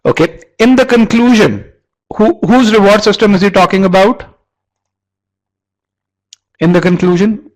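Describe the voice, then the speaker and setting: An online course instructor leads a live webinar, frequently repeating words as he restarts sentences and quizzing his audience. His voice is high-pitched at a normal speed, broken by long pauses, on a low-quality recording.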